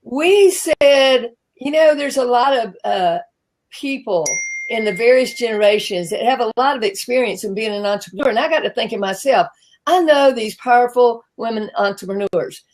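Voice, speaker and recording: Host: Southern American woman in her sixties, chatty and self-deprecating, fairly high voice. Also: animated, normal speed, darkish tone, low-quality recording. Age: 60s. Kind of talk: live-stream talk show chat.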